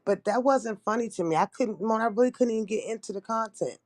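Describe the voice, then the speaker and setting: A woman's voice: on the high side, quick pace, a little mellow, no room sound. Chatty woman hosting a live chat. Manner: chatty, rambling with restarts. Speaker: livestream host. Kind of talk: casual chat.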